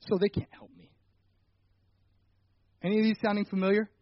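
Young man, high voice, animated testimony storyteller, dull dry recording. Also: moderate pace, no room sound. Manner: animated storytelling, rising loud when retelling anger. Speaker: ministry leader telling a personal story. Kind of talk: personal testimony talk.

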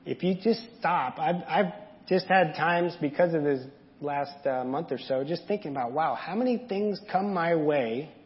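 A man giving a candid, conversational sermon to a congregation, asking them questions and adding asides. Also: fairly high pitch. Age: adult parent. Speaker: preacher. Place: church sanctuary. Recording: dull audio with long hall reverb.

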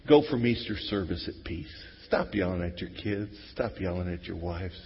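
A middle-aged man preaching an Easter sermon to his congregation, talking conversationally and moving between hushed, intimate passages and loud exclamations. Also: low-pitched, expressive, normal speed. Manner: conversational, swings from hushed to shouting. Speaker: pastor. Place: church sanctuary. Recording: dull lo-fi sound with long hall reverb.

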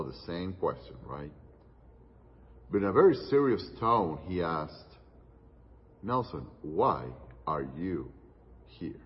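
Preacher man with a husky low voice. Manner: storytelling, dramatic pauses, drops to hushed tones for quotes. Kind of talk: sermon. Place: church hall. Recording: distant, muffled church hall recording with long reverb.

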